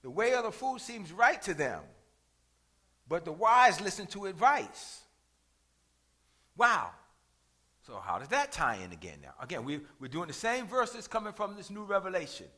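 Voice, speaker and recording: A man delivers a sermon in a high, forceful voice. He works in call-and-response, hammers each point by repeating it, and climbs to shouts when he drives a point home. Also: sing-song, normal speed, pauses often. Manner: rises to shouts at key points. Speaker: preacher.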